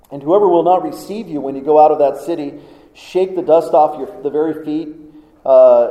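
A man's voice: mid-range voice, dark tone. A man preaching a sermon in a conversational way, often putting questions to the congregation. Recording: echoey hall, dull sound.

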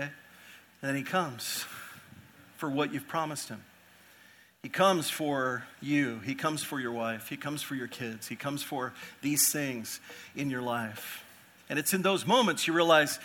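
A man's voice: on the high side, moderate pace, pushed and bright. A man preaching an earnest expository sermon as pastor, asking rhetorical questions and repeating phrases for emphasis.

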